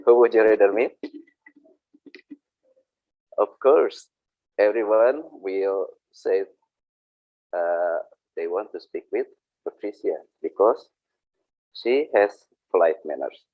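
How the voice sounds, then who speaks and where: A man teaching workplace English online, explaining slowly with frequent hesitations and repetitions. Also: on the low side, no echo. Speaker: English instructor. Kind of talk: online vocational English lesson. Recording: dull lo-fi sound.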